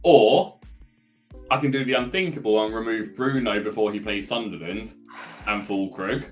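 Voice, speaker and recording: A man co-hosting a casual fantasy football podcast, calmly laying out his options one by one with a dry sense of humour. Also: lowish voice, normal speed, faint music behind. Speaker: podcast co-host.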